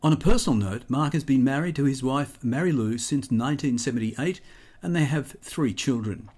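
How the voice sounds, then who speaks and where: A man's voice: medium pitch, a little mellow. Man reading a scripted wrap-up. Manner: measured announcer delivery. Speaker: host narrator. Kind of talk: scripted narration.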